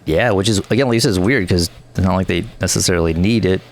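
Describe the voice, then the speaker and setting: A man's voice: sits low, fast talker. A man co-hosting a podcast, talking casually about music with rambling, opinionated remarks. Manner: rambling, opinionated, frequent restarts. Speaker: podcast co-host. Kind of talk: casual chat.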